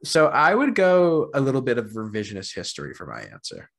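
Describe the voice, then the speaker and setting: A man's voice: medium pitch, a little fast, gravelly. A man co-hosting a podcast, giving his opinion casually while he hedges and thinks aloud. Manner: hedging, thinking aloud, animated. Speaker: podcast co-host. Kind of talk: casual chat.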